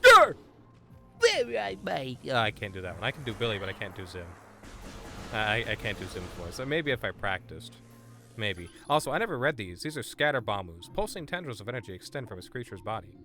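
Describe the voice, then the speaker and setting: A man streaming a game live, chatting excitably with viewers and stammering over his words. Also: on the low side, brisk, soft background music. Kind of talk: live gameplay stream chat.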